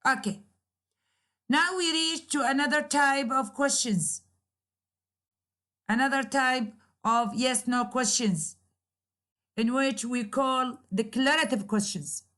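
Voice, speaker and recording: A woman lecturer whose first language is Arabic, explaining English grammar slowly, with many hesitations and repeated key phrases. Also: high-pitched, a bit bright. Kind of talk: recorded lecture.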